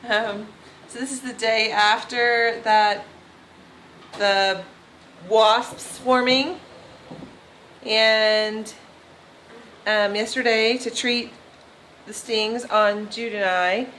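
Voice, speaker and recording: A woman's voice: on the high side, steady tone, very slow, long pauses, a bit bright. A young woman, a mother, narrating a casual family vlog in a chatty, rambling way with fillers. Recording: echoey with faint background noise.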